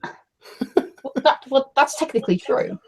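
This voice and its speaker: Talkative Scouse woman in a loose group chat; mid-pitched, giggly, lots of ums. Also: lively intonation, slow, a little mellow. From Liverpool, England. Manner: chatty, laughs often, trails off with fillers. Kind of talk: casual chat.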